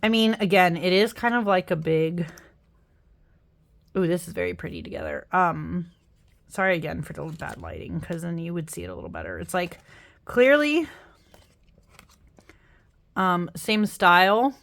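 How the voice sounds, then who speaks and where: A woman's voice: on the low side, very animated, moderate pace, gravelly, pauses often. Chatty, apologetic woman reviewing cards. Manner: chatty, apologetic, rambling with frequent laughs. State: tired after work. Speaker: tarot deck reviewer. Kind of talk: casual deck flip-through.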